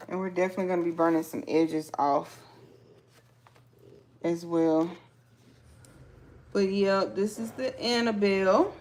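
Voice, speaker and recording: A woman hosting a relaxed sewing lesson, speaking at an unhurried pace and addressing viewers as "y'all". Her talk carries features, and she breaks into delighted exclamations as she works. Her pitch sits in a middle range. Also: slight background noise. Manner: chatty, talks to viewers as "y'all", excited exclamations. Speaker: sewing tutorial host. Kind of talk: casual live sewing tutorial.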